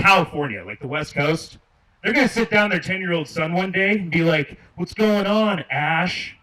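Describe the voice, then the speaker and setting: A man from Michigan sarcastically teases the crowd during stand-up on an outdoor park stage, speaking to them directly into a handheld mic. His voice runs on the high side, pushed and bright, and the distant recording carries faint noise.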